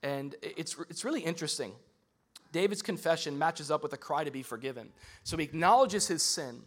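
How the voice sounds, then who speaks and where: A young adult man preaching a sermon as a pastor, talking casually and swinging between loud emphasis and soft, earnest passages. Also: on the high side, lively intonation, fairly quick.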